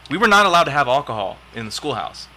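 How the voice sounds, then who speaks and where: A young man chatting casually on a podcast, telling stories in an animated, profane way and laughing often. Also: medium pitch, quick pace, a little hiss or hum. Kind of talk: casual chat, storytelling.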